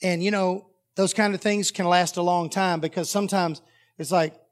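A man's voice: high voice, fairly even intonation, normal speed. A man preaching a sermon as pastor, telling a story animatedly and acting out the dialogue.

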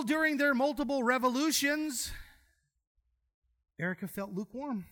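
A man delivers a sermon in a church. His voice sits high and bright. He jokes and tells homespun stories between verses. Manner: folksy, humorous storytelling preacher. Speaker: pastor.

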